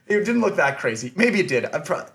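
A man's voice: a little high, sing-song, brisk, gravelly, over a noisy crowd. A man telling a long, rambling story on a podcast, full of restarts and fillers. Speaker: podcast host. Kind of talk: casual storytelling chat.

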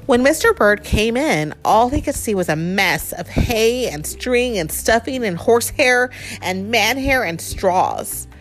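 A woman reading a picture book aloud to a child in a playful, expressive storytelling voice. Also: a little high, a little slow, faint music behind. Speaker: reader.

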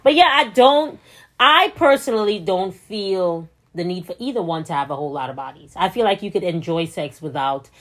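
A young adult woman co-hosting a casual podcast chat, talking bluntly and animatedly and breaking into high laughter. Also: expressive, normal speed, fairly bright tone. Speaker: podcast co-host.

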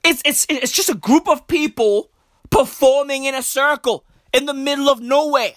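A woman's voice: high voice, normal speed, no echo, studio quality. A woman from Africa delivering a comedic rant monologue, profane and emphatic, peppered with slangy asides. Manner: profane, emphatic, slangy, repeats "bruv" and "broski".

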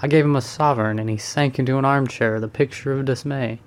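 A man reading a storybook, voicing an earnest, unlucky young gentleman who speaks with pleading sincerity. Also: medium pitch, steady tone, quick pace, close to an everyday voice. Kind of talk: audiobook reading.

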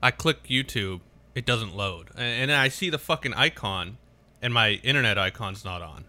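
A man's voice: mid-range voice, expressive, normal speed, sharp tone. A man co-hosting a podcast, telling a story in casual chat with exasperated swearing. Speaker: podcast co-host.

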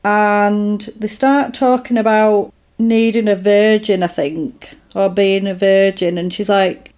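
A woman's voice: mid-range voice, fairly even intonation, slow pace, a little mellow, smooth. A woman casually retelling a film plot in a chatty podcast, with lots of fillers.

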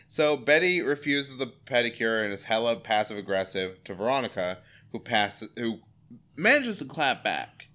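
A man's voice: mid-range voice, very animated, measured pace, bright, forceful tone. A man co-hosting a casual rewatch podcast, laughing often and swearing freely. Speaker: podcast co-host.

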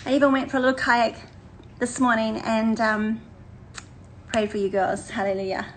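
An older woman, chatting warmly and energetically to a women's church group, laughing often and repeating phrases. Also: on the high side, moderate pace, a little hiss or hum, low-quality recording. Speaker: women's ministry leader. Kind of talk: casual livestream chat to a women's group.

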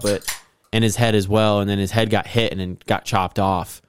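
A man in his thirties from Indiana, a podcast guest in casual chat, telling stories in an animated way, acting out the voices he quotes and swearing freely. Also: on the low side, moderate pace, slight background noise.

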